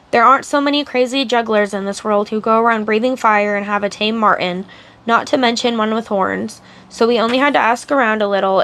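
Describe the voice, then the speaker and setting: A woman reading as a soft-spoken, menacing male henchman. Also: a little high. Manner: sneering, taunting.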